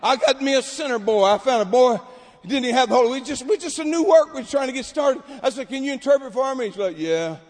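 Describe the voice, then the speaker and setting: A man preaching a sermon at a camp meeting, telling stories and building to shouted exhortation. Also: extremely high pitch, animated, quick pace. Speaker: pastor. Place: large hall at a camp meeting. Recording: long hall reverb.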